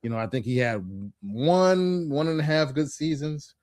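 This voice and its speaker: A man co-hosting a casual sports talk show, giving his opinions in halting, restart-filled speech. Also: on the high side, expressive, darkish tone, no echo, studio quality. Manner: halting, many restarts and "you know"s. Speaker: podcast co-host.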